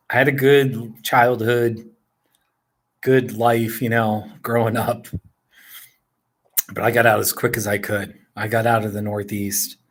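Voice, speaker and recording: A man in his forties from northern New Jersey, chatting casually and rambling with viewers, chuckling often as he answers their questions. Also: on the low side. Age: 40s. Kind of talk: casual live chat. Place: indoors at home.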